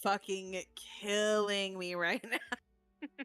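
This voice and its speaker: A woman's voice: medium pitch, fairly even intonation, very slow, a bit bright. A woman playing in a tabletop game, joking and teasing the others. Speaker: player. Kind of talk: casual tabletop play.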